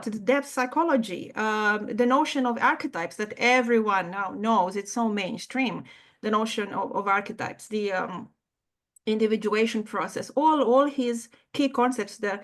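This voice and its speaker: A woman's voice: a little high, fairly bright tone. A woman hosting an interview, speaking thoughtfully and often searching for the right word. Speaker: host. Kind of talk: conversational interview.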